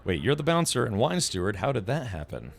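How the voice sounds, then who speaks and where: Chatty streamer with a lively voice. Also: male voice, fairly low pitch, brisk, gravelly, slight background noise. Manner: chatty, reacts and reads chat aloud. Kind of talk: casual let's play commentary.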